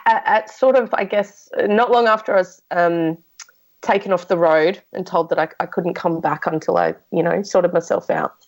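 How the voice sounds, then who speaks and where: A woman's voice: on the low side, normal speed, rough recording. A woman speaking as a podcast guest, telling her own story frankly in casual conversation, with many restarts and fillers.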